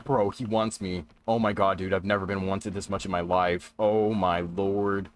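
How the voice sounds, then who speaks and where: A man streaming a game and chatting casually, getting panicky and excitable and repeating himself in bursts. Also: sits low, normal speed. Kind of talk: casual gaming livestream chat.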